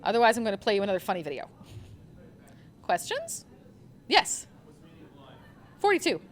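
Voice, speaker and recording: A woman's voice: mid-range voice, big pitch swings, fast talker, slight background noise. A young woman recommending manga on a live convention panel, gushing and rambling with lots of fillers.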